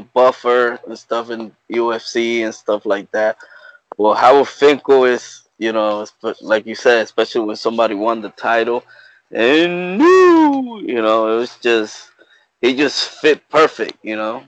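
A man's voice: medium pitch, fairly bright tone, no room sound. A man chatting casually on a podcast, often losing his words and trailing off. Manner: halting, loses his words. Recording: dull lo-fi sound.

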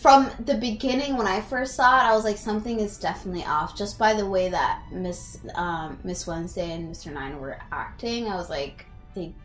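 A woman's voice: medium pitch, moderate pace, hardly any pauses, soft background music. A woman in casual chat about an anime. She often backs up her co-host with short agreements. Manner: easygoing listener with lots of short agreements. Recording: echoey room.

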